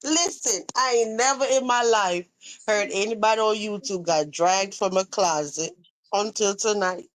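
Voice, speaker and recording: A woman hosting a casual gossip livestream, teasing loudly and laughing often. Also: mid-range voice, moderate pace, dry recording. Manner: loud teasing banter with frequent laughter. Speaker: livestream co-host.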